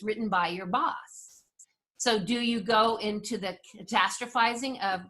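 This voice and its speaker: Bright-voiced woman giving a resilience workshop. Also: mid-range voice, normal speed. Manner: lively storyteller, acts out dialogue, direct with listeners. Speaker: resilience instructor. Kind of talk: motivational workshop talk.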